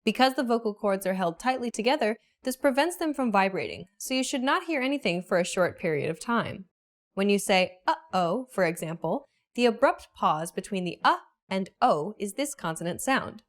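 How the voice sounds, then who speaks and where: A woman giving a scripted pronunciation lesson in a clear, explanatory and measured way. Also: medium pitch, animated. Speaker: pronunciation teacher. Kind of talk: scripted instructional narration.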